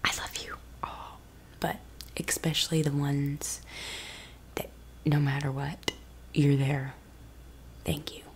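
A woman's voice: low voice, level tone, slow pace, long pauses, a little hiss or hum. A woman chatting in whispers for ASMR, close to the mic, rambling casually and cussing now and then. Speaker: ASMR creator. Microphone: close ASMR microphone.

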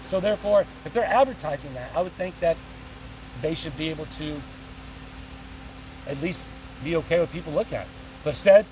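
A fast-talking man hosts a casual vlog outdoors, chatty and quick with opinions. His voice sits a little high and is picked up from some distance, with faint outdoor noise behind it. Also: darkish tone. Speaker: host of the channel. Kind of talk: casual on-location vlog talk.

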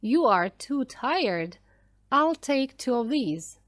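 A woman's voice: high voice, big pitch swings, takes it slowly, dry recording, clean studio sound, exaggerated voice. A woman reading the lines of a stern, brave lighthouse keeper and father, in a firm, commanding way.

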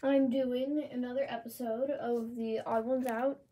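A woman who runs an art channel chats playfully while narrating her doodles, reading prompts aloud in lively voices. Her voice is fairly high and a little slow, with a bit of hiss or hum in the recording.

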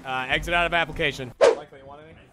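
A man's voice: on the high side, steady tone, racing. Matter-of-fact gaming man, noisy line. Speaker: gamer. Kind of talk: casual gaming banter.

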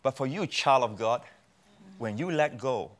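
A man's voice: medium pitch, expressive, measured pace. A man from Singapore, preaching as a guest pastor on a TV talk show and repeating key phrases for emphasis.

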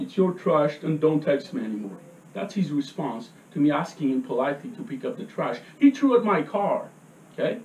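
A man's voice: fairly high pitch, a little mellow, a little hiss or hum. Agitated man, echoey and far off. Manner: agitated, repeats "okay?" to press each point. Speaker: resident speaking at a public meeting. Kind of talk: heated public comment.

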